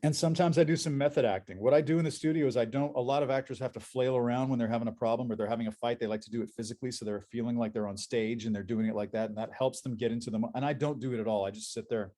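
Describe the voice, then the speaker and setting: A man who works as a voice actor, guesting on a convention panel and telling animated anecdotes, repeating words as he restarts. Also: mid-range voice, very fast, hardly any pauses.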